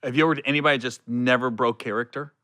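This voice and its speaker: A man's voice: medium pitch, rapid-fire, no echo, clean studio sound. A middle-aged man hosting a podcast, telling stories with lots of laughter and acted-out quotes. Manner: animated storyteller, laughs often, acts out quotes. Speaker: podcast host. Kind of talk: casual chat.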